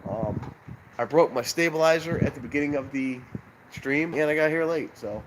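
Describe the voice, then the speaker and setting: A man's voice: fairly high pitch, brisk, rough recording. A man with a congested, nasal voice, rambling casually as he hosts a live stream by railroad tracks and reads viewers' comments aloud. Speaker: live streamer, train-watching channel host. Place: outdoors by railroad tracks at night. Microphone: phone held in hand. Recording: outdoor noise on a handheld phone.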